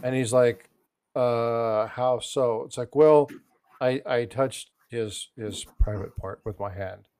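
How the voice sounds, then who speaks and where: Casting: man, casual coin-channel host, rambling and restarting, mid pitch, dry close sound. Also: steady tone, takes it slowly, darkish tone, clear, resonant tone, no room sound. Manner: rambling joke-telling, many restarts. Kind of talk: casual chat.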